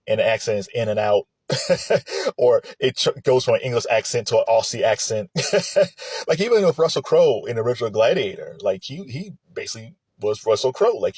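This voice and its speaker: A man giving casual vlog commentary about movies, chatty and lively, with frequent restarts and laughs. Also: on the low side, breathy edge, dry recording.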